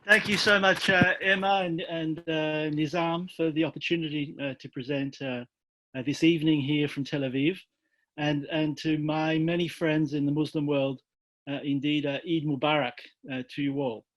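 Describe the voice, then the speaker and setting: A man's voice: fairly high pitch, steady tone, normal speed, fairly bright tone, dull audio. A man speaking as a guest on an online panel, hesitant, with many fillers and repeated words. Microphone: video call.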